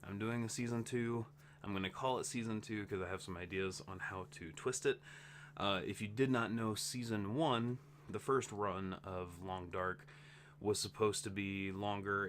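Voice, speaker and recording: A man's voice: on the low side, steady tone, moderate pace, a bit bright, a little hiss or hum. Tired rambling male gaming vlogger. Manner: rambling, self-interrupting, chatty. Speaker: gaming channel host. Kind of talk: casual vlog update.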